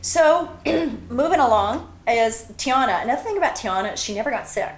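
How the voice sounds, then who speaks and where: A woman's voice: on the high side, animated, moderate pace. A middle-aged woman hosting a casual chat, reminiscing about her daughter in a chatty storytelling way. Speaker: host. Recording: echoey room.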